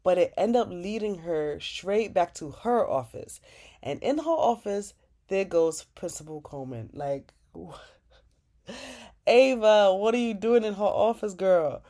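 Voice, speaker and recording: A young woman with a medium-pitched, slightly slow voice hosts a casual vlog, recapping a TV episode. She chats animatedly and leans heavily on "like."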